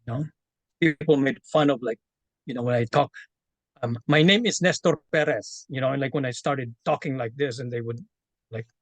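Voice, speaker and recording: A man from the Philippines with a Filipino accent, sharing a personal story in an online session, earnest and halting with many fillers and restarts. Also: mid-range voice, steady tone, dry recording. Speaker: community member sharing his story. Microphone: video call.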